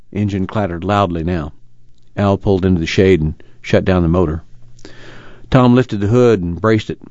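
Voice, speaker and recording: An audiobook narrator with a low voice reads scripted narration from a novel at a moderate pace, in a steady, even storytelling manner. The recording is dry, dull and lo-fi.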